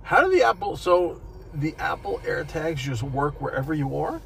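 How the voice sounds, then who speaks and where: Man, casual co-host, gravelly voice with lively pitch swings, quick swearing reactions. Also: a little hiss or hum, poor audio. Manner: short reactions, swearing, playful outbursts.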